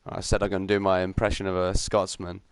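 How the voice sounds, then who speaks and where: A man giving upbeat live commentary on a sim racing league stream, chatting with viewers and filling pauses with ums and uhs. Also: sits low, completely flat delivery, smooth, dry recording. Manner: greets chat viewers while commentating.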